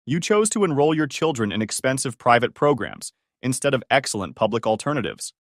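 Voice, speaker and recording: A man's voice: mid-range voice, very animated, no echo, studio quality. Man reading as a stern older grandfather. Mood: accusing. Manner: measured, cutting, formal.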